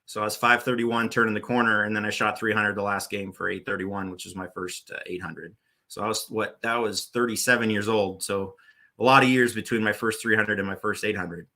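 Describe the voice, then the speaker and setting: A man's voice: fairly low pitch, fairly even intonation, fairly quick, pushed and bright. A man in his forties, a podcast guest, telling stories in a loose, rambling way with plenty of restarts. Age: 40s. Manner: rambling, many restarts and "uh" fillers. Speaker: podcast guest, former bowling tournament director. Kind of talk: casual storytelling interview.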